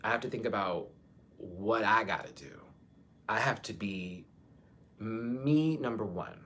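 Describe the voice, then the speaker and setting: A young man from Texas, hosting a live chat and talking frankly to his viewers, his voice swinging between soft and loud. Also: on the low side, expressive, measured pace. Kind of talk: candid live-stream talk to viewers.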